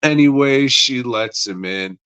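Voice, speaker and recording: A man's voice: mid-range voice, unhurried, pushed and bright, clear, resonant tone, dry recording. A man hosting a podcast, rambling through a casual and profane episode review.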